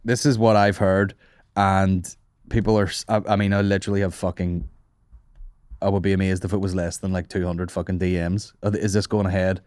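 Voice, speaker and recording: A young man rambles through a comedic podcast monologue, swearing freely and laughing at his own jokes. His voice sits on the low side. The recording is dry and close, with no room sound. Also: level tone, fairly quick, a little mellow, clear, resonant tone, no room sound.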